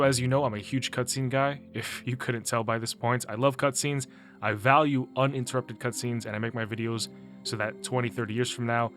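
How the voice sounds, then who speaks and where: A man narrating a casual, opinionated video game story recap and laughing often. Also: mid-range voice. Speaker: gaming video host.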